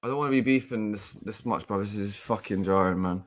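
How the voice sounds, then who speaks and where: A young man giving casual live match commentary as a fan co-host, excitable and exasperated, with frequent restarts. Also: lowish voice, fairly quick. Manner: excitable and exasperated, swears, repeats and restarts phrases.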